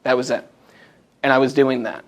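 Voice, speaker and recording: A man in his twenties giving a live motivational presentation to a group, telling stories with lively asides to the audience. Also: mid-range voice, normal speed, gravelly. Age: 20s. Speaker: motivational speaker. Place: meeting room in front of a live group.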